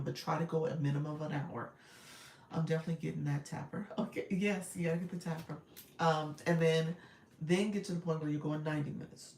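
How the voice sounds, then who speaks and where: A woman's voice: low voice, gravelly, darkish tone, a little hiss or hum. A woman live-streaming coach giving casual advice and answering viewer comments as she goes. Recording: roomy echo, distant from mic.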